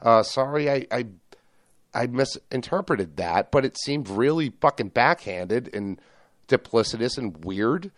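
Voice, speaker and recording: A New man hosting a loose, profane podcast. He talks excitably and jumps between tangents. The sound is dry and close. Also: mid-range voice, a little slow, dry recording. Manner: animated, excitable, swears a lot. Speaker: podcast host. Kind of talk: casual profane podcast banter.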